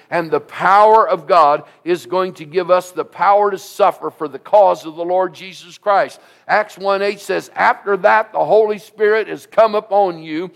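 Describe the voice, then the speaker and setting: A man preaching a sermon as pastor, emphatic and repetitive, rising at times to shouts. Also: high-pitched.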